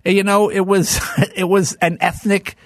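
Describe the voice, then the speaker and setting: An older man, a comedian guest, telling childhood stories in a lively way and acting out his relatives' voices. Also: high-pitched, unhurried, no room sound, clean studio sound. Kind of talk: animated storytelling with impressions.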